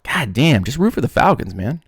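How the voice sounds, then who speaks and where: Male sports podcast host, lively swinging delivery, dry close mic. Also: medium pitch, normal speed, husky, no room sound. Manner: animated ranting, frequent restarts. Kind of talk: casual sports commentary.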